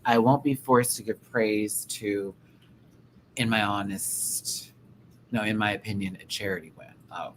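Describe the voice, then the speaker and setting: A man's voice: lowish voice, steady tone, unhurried, fairly bright tone, a little hiss or hum, rough recording. A man hosting a casual pop-culture chat show, talking in a sassy, rambling, profane way. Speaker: podcast host.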